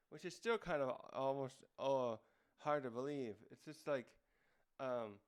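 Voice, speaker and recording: Smooth-voiced man rambling through a recap. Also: mid-range voice. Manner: rambling, many fillers and restarts. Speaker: manga review host. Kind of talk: casual recap commentary.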